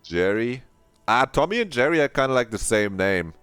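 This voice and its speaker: A man's voice: mid-range voice, sing-song, moderate pace, fairly bright tone, clear, resonant tone, no room sound, faint music behind. A man streaming a video game, chatting playfully in a rambling, mock-dramatic way and swearing now and then. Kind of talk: casual live-stream commentary.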